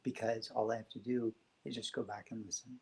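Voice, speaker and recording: A man speaking as a guest on a spiritual talk show, telling stories in a gentle, reflective way. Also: on the low side, little pitch movement, brisk, rough recording.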